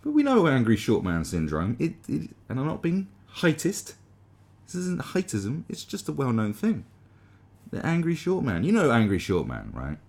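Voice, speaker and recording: A man's voice: mid-range voice, huge pitch swings, normal speed, creaky, darkish tone. A man delivering a sarcastic, rambling comedic monologue as the host of a commentary channel, with frequent restarts.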